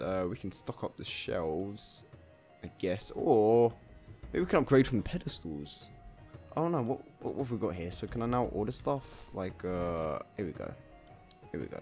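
A man doing casual let's play commentary, talking to himself and bursting into loud swearing exclamations. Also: mid-range voice. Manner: chatty self-talk, swearing, bursts of exclaiming. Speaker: gameplay commentator.

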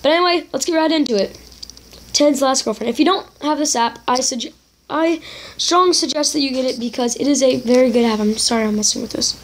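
A woman's voice: high voice, brisk, a little hiss or hum. A woman casually introducing a story app to her viewers, chatty and apologetic. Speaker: video creator.

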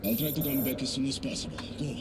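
A man's voice: mid-range voice, fairly even intonation, fast talker, heavy background noise, close to an everyday voice. An actor playing a male companion character in a video game, giving terse, urgent instructions before leaving. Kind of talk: game dialogue.

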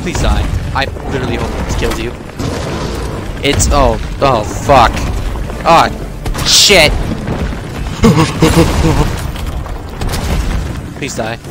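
A man streaming a horror game, commenting in an excitable way, swearing and yelping at scares. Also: medium pitch, extremely slow, pauses often. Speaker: gaming streamer. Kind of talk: let's play commentary. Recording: game sounds and music behind voice.

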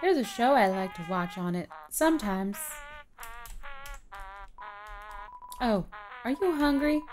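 A woman's voice: on the high side, lively intonation, moderate pace, crowd noise, close to an everyday voice. A woman doing a shy, mumbling sad ghost. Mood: gloomy. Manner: quiet, hesitant, apologetic mumble. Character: sad shy timid ghost, soft-spoken.

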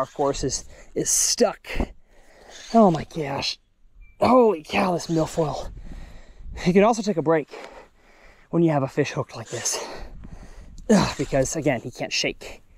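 A young man, excitedly commenting on his fishing outdoors at a pond. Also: sits high. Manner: excitable, exclaiming often. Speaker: fishing video host.

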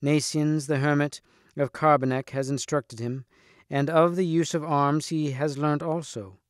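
A devout abbess speaks slowly and earnestly in a slightly raised voice, as a man reading the story puts her on. The recording is dry. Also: a little high, little pitch movement, dry recording, close to an everyday voice. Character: solemn, devout older abbess.

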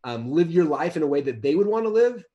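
A man's voice: a little high, sing-song, fast, mellow, muffled recording. A man in his thirties, a guest author in a casual interview, talking in a rambling way with many restarts and repeated words.

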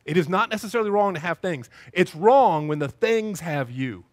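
Guy pastor preaching, high voice that swoops all over, tells stories with lots of funny voices. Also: normal speed. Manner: lively storytelling, acts out voices. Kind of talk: sermon.

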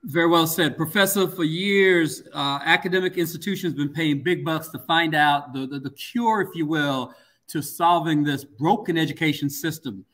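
Guy doing a tv interview, voice sits kinda high, stumbles and repeats words a lot. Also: fairly bright tone. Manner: halting, repeats words while searching for phrasing. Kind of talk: interview questions.

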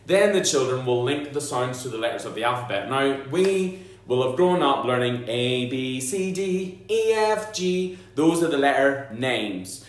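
A man, a primary school teacher, explaining phonics to parents in a playful, jokey way and sounding out letters and noises aloud. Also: mid-range voice. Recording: very echoey room.

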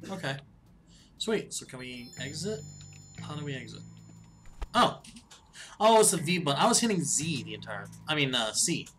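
Guy doing a chill lets play, giggly and chatty, bright lively voice. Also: fairly high pitch, moderate pace, pauses often, a little hiss or hum. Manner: chatty, giggly, reacting aloud. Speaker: gaming channel host. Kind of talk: casual let's-play commentary.

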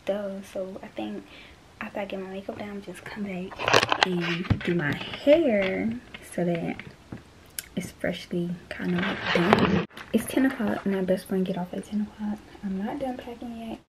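A woman's voice: medium pitch, a little slow. A woman in her late teens talking casually to her phone camera in a vlog, chatty and often dropping to a whisper. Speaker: vlogger. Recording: noisy phone recording.

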